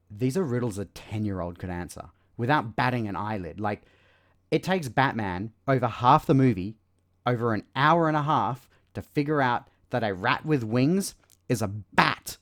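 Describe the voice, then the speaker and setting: A man talking through a film review in a loose, unscripted way. He sounds fed up and sarcastic, and his pitch sits in an ordinary middle range. He fills his sentences with casual asides. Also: lively intonation, normal speed, a bit bright. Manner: exasperated, sarcastic critique with many fillers.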